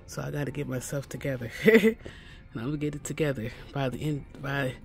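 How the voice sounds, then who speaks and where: A man's voice: medium pitch, level tone, fast, creaky. A man giving a casual shopping walkthrough inside a pharmacy store, chatty and correcting himself as he repeats the prices. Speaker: shopping vlogger.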